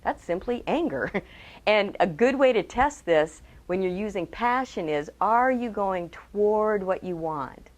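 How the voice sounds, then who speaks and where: A woman trainer giving a webcast talk on public speaking. She is lively, asks her audience direct questions and acts out quotes in changed voices. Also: mid-range voice, a little slow. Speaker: communication trainer.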